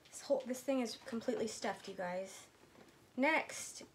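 A woman vlogger chatting casually to her viewers as she unboxes items, gushing and excitable. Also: a little high, fast talker, a little hiss or hum.

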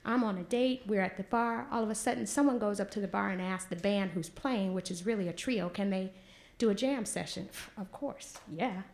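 A woman, telling a personal story on stage in an animated, vernacular way. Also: mid-range voice, moderate pace, gravelly. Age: 40s. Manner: animated, vernacular, acts out quotes loudly. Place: stage before an audience.

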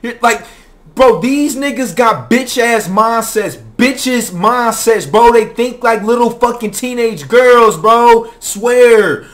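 A young man ranting in a profane, exasperated reaction commentary, now and then breaking into shouts. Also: very high voice, takes it slowly. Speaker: commentary vlogger.

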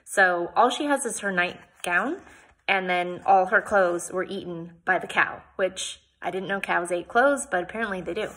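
A woman's voice: fairly low pitch, moderate pace, a bit bright. A woman reading a novel aloud, giving the characters voices and adding casual recaps between passages. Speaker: book reader.

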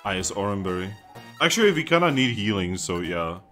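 An excitable let's play commentator chatting casually over a game, laughing often and swearing freely. The voice swings widely in pitch and has a bright, forceful edge. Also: a little fast, faint music behind.

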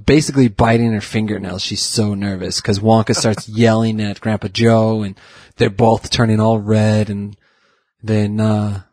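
A man's voice: fairly low pitch, little pitch movement, a little slow, a little mellow, no echo, studio quality. A man co-hosting a podcast in casual, chatty talk, laughing often. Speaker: podcast co-host. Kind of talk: casual chat.

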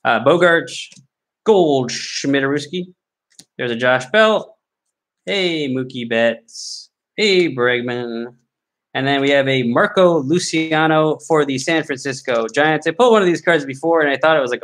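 Male host, mid-pitched voice, rambling friendly patter over pack openings. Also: lively intonation, normal speed, a bit bright. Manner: chatty, self-joking, trailing off with fillers. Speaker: card break host. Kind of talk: casual live commentary while opening card packs.

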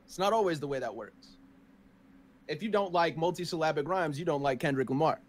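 A man's voice: a little high, a little fast. A man in casual chat, arguing his opinions on music and laughing often.

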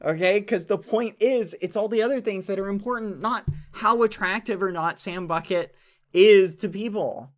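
A man's voice: high-pitched, moderate pace. A man streaming a game, arguing in comedic in-character role-play with an indignant, insistent, dramatic manner.

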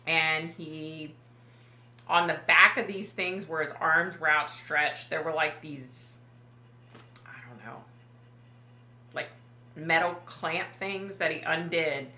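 A woman psychic vlogger retelling a dream in a halting, emotional way, full of fillers and restarts. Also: low-pitched, steady tone, pushed and bright, roomy sound. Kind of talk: personal vlog storytelling.

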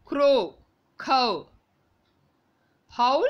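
A woman teaching a school lesson, speaking slowly and spelling each word out letter by letter, calling her students dears. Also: a little high, sing-song, bright, forceful tone, lo-fi sound. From India. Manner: slow and sing-song, spells words letter by letter, calls students dears. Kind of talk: recorded class lesson.

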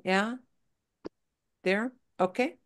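A woman's voice: mid-range voice, extremely slow. A woman teaching a Spanish class, explaining word choice and stress in English and repeating Spanish words patiently for students. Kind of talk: online language class.

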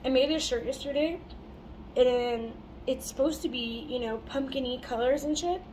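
A woman's voice: high-pitched, moderate pace, darkish tone, slight background noise. Chatty young woman vlogging, rambling. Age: 20s. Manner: rambling, chatty, with frequent fillers and laughs. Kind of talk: casual chat to camera.

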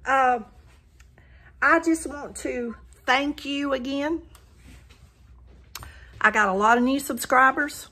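A woman's voice: high voice, takes it slowly, pauses often, sharp tone. An older woman with a Southern country accent, chatting casually in her home kitchen as she cooks, often saying "y'all". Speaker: cooking vlogger. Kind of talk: casual cooking chat to camera.

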